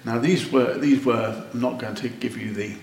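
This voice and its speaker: A man preaching a sermon, slow and earnest, rising to wondering exclamations. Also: medium pitch, fairly even intonation, a little mellow, slight background noise. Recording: roomy echo.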